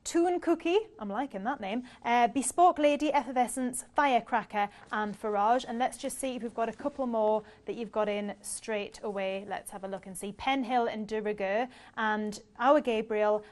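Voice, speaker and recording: A woman with a Geordie accent briskly reading out viewers' tips on the show. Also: fairly high pitch. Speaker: social media correspondent.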